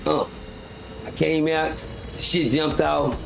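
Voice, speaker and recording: A middle-aged man from West Texas, telling stories in an animated way on a livestream and acting out the people he quotes. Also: takes it slowly, gravelly, over music. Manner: animated storyteller, acts out quoted people in a loud high voice. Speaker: livestream host. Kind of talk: casual storytelling. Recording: noisy livestream audio.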